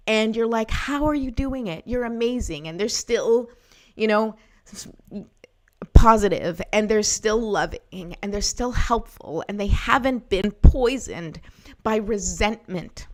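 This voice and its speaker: A woman hosting a motivational talk, encouraging and personal, often checking in with the listener. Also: mid-range voice. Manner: encouraging, repeats "right?" to the listener. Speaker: host.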